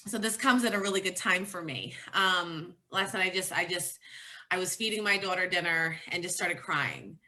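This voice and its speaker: A woman's voice: fairly low pitch, normal speed, sharp tone. A pregnant woman talking candidly and from the heart as the featured guest in a casual chat about motherhood.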